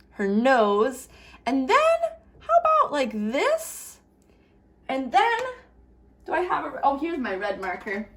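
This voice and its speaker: A young woman gently teaching children a craft, playful and asking them questions as she draws. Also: fairly high pitch. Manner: warm, playful, asks kids questions.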